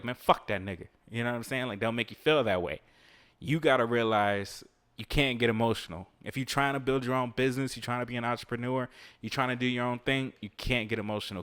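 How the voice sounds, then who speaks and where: Playing a video game while he records, this male podcast host offers relaxed motivational advice in casual language. He swears, laughs, and talks with his listeners in a medium-pitched, clean voice that's a little bright.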